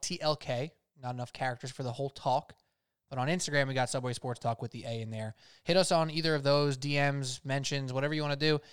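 A man's voice: medium pitch, smooth, no room sound, clean studio sound. A man hosting a sports podcast in a loose, rambling, casual chat with lots of fillers. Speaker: podcast host.

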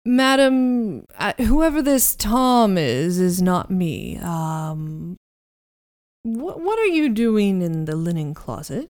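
A woman's voice: medium pitch, lively intonation, slow pace, darkish tone. A woman playing a stiff, formal butler. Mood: indignant. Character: prim older male butler.

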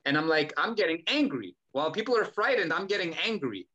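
A man in casual podcast conversation, talking in an animated, profane way and acting out heated exchanges. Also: on the high side, a little fast, muffled recording. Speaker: podcast guest, holistic healer.

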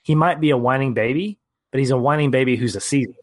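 A man's voice: medium pitch, quick pace. A man co-hosting a casual film podcast, earnestly retelling scenes and his reactions. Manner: earnest, storytelling recap. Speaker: podcast co-host.

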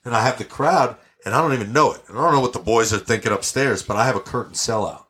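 A man's voice: medium pitch, fast. A man guest on a podcast, telling brash, profane stories in casual chat. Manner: brash, profane, animated storyteller. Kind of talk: casual storytelling.

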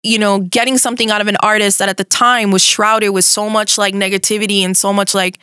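A middle-aged woman from Miami, a radio host appearing as a guest in a casual interview, tells a story quickly and with animation, swearing freely and mixing in Spanish words. Her average-pitched voice sounds pushed and bright with a clean tone, though her delivery is flat. The recording is dry and close to the mic.

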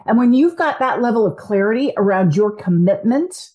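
An energetic woman delivers a motivational self-help talk as host, addressing the listener directly. Her voice sits a little high and leaps even higher when she acts out what people think or say. She keeps the tone upbeat and encouraging throughout. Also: moderate pace, highs cut off. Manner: acts out quoted inner voices with big pitch jumps. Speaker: podcast host and coach.

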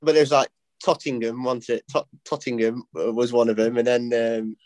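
A man's voice: mid-range voice, moderate pace, no echo. Chatty Black Country man, dry sound. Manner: chatty, laughing, excited retelling. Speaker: podcast host. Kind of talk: casual chat.

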